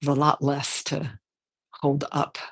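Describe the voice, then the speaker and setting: Gentle yoga teacher thinking aloud. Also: medium pitch, monotone, husky. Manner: gentle, unhurried, thinks aloud and corrects themself. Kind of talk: guided yoga and meditation class.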